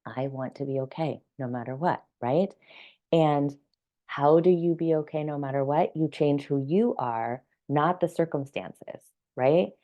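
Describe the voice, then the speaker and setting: A woman's voice: deep voice, measured pace, dull audio. A woman talking through her thoughts in a casual personal vlog. She is reflective and laughs often as she goes. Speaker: vlogger.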